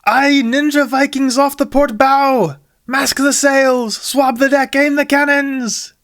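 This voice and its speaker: A man voicing an excitable young male hero who plays pirate captain in a put-on pirate accent. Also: a little high, normal speed, dry recording, clean studio sound. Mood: shouting.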